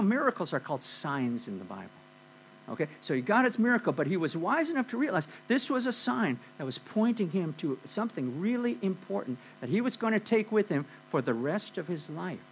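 A man preaching a sermon, telling a Bible story in a lively, conversational way and checking in with "okay?" often. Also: high voice, fairly quick, a little hiss or hum, rough recording. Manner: animated storytelling with frequent "okay?" and "you know".

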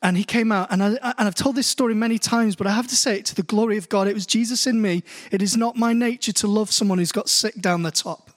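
High-voiced British pastor preaching. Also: male voice. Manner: slow, deliberate scripture reading; storytelling, rising in pitch as he grows animated. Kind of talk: sermon with scripture reading. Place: church hall.

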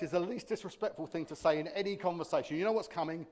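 Middle-aged male preacher, higher voice, animated storyteller who does voices. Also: quick pace, hardly any pauses. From Britain. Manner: animated storytelling, acts out voices, laughs often. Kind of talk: sermon with humorous stories.

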